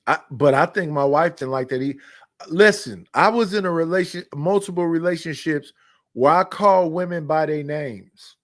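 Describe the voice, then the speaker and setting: A man's voice: fairly high pitch, normal speed. A man in his fifties, a podcast host, telling personal stories in blunt, candid casual chat with repetitive phrasing. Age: 50s.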